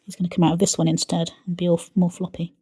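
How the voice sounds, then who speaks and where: A woman hosting a live painting stream, chatting playfully to herself as she works and sometimes dropping to a soft mutter. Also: on the low side, completely flat delivery, rapid-fire, husky. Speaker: art channel host.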